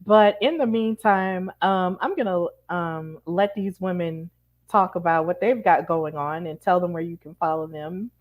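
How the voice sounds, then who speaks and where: A woman hosting a wrestling talk show, wrapping it up in a relaxed way with frequent "um"s. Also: lowish voice, measured pace, lo-fi sound. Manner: relaxed, uses many fillers. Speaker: host. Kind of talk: casual show wrap-up.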